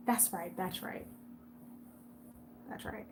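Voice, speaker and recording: A woman's voice: fairly low pitch, steady tone, slow, noisy background. A woman hosting a casual live stream, chatting with viewers by name and repeating points for emphasis. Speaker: YouTube host on a livestream.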